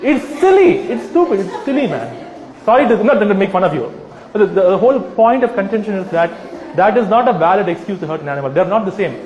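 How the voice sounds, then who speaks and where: Animated man in an echoey hall. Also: high-pitched, quick pace, a faint crowd. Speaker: speaker giving a talk. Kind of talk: humorous persuasive talk to a live audience. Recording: echoey hall with long reverb.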